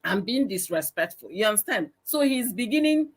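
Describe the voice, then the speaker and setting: A middle-aged woman with a Nigerian accent, telling stories loudly and with emphasis on a live-streamed panel discussion. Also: medium pitch, very animated, moderate pace, breathy edge. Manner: loud, emphatic, storytelling. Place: live stream video call.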